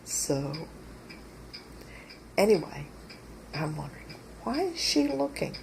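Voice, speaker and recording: A woman tells a story outdoors in a slow, gravelly, low-pitched voice. She takes her time and sounds amused as she relates the tale. Faint outdoor ambience hums behind her. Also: sing-song, darkish tone, slight background noise, rough recording. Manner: unhurried, amused anecdote telling. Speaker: vlogger. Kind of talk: casual storytelling. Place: outdoors by a house porch.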